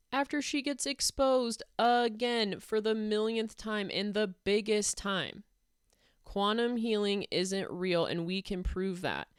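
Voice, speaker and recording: A woman's voice: mid-range voice, clear, resonant tone, dry recording, clean studio sound. A woman delivering a heated, sarcastic rant to camera, blunt and swearing often. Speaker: YouTube commentator.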